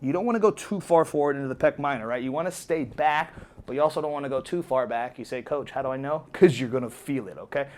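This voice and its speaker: A man's voice: mid-range voice, fast talker, slight background noise. A man coaching viewers through foam roller techniques, upbeat and chatty, joking and checking in with "okay?" as he demonstrates. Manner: upbeat, chatty, jokey, says okay often. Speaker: fitness coach. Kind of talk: casual instructional demo.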